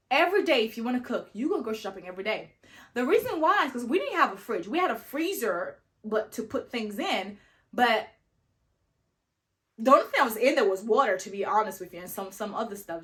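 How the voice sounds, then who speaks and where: A young woman talks straight to her viewers in a casual storytelling vlog. Her voice sits a little high, and she is animated, full of "like" and "you know", and acts out what other people said. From family from Sierra Leone, raised abroad. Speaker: vlogger.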